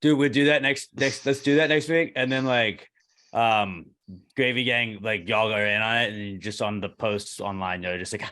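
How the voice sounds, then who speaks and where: Lowish-voiced swearing podcast co-host. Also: male voice, normal speed. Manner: animated storyteller, swears freely, acts out quoted exchanges. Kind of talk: casual podcast banter.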